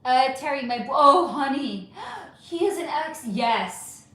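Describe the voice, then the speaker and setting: Woman hosting a live stream, kinda high voice, chatty, going through comments, echoey room sound. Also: unhurried. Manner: chatty, animated, answers viewer comments one by one. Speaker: livestream host reading chat. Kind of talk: casual livestream chat.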